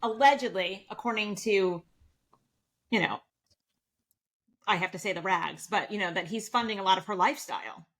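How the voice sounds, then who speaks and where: A woman's voice: medium pitch, moderate pace, pauses often, a bit bright. A woman co-hosting a podcast in casual chat, gossiping and hedging her claims. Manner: gossipy, hedges with "allegedly" and "I mean". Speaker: podcast co-host.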